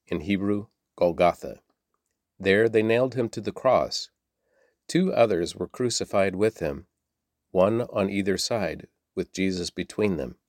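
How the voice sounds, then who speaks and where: A man reading scripture aloud at a steady pace, now and then repeating a word or correcting himself. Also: fairly low pitch, dry recording, studio quality. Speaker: Bible reader.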